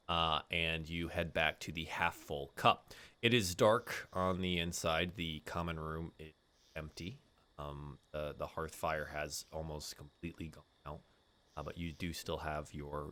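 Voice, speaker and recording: A man narrating as game master of a tabletop game, halting with many fillers. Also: low-pitched, fairly bright tone.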